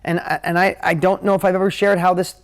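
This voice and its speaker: A man teaching a live motivational talk at a whiteboard, energetic, emotional and conversational. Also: high voice, quick pace, clear, resonant tone. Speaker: motivational business coach.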